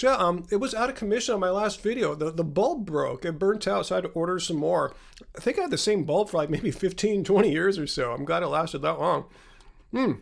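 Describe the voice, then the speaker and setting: A man hosting a casual livestream from home, his voice pitched high with a gravelly, fried edge. He rambles along loosely, stopping for ums and chatty side remarks. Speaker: livestream host. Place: home room with laptop.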